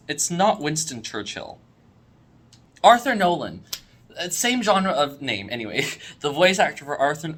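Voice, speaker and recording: A man's voice: mid-range voice, a bit bright. A man casually reviewing episodes of a podcast, enthusiastic and rambling, full of fillers and restarts.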